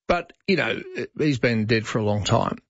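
A man's voice: mid-range voice, expressive, moderate pace, no echo. A middle-aged Australian man hosting talkback radio, chatting and giving his opinions on listener messages. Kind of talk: casual talkback chat. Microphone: studio microphone. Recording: slightly dull broadcast audio.

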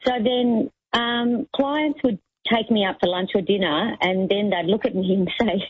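A woman's voice: mid-range voice, measured pace, slightly rough, no room sound. A woman calling in to a talkback radio show and telling a wry story in a chatty way. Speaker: caller. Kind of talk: casual phone-in chat. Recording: tinny phone line.

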